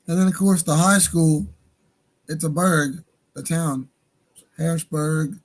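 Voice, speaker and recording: A man's voice: fairly high pitch, fairly even intonation, slow pace, long pauses, rough recording. A Native American man hosting a livestream radio show, talking casually in a rambling, profane way and laughing at his own jokes.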